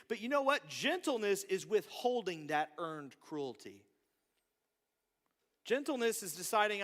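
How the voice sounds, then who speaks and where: A man in his thirties preaching a sermon, chatty and animated, talking straight to the congregation with quick asides. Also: sits high. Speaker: pastor. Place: church hall. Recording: long hall reverb.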